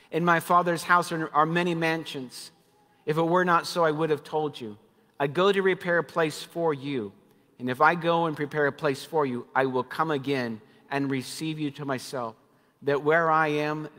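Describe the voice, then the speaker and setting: A man preaching a sermon as pastor, fervent, rising loud and then dropping soft and low. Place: church sanctuary. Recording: long reverb of a church hall.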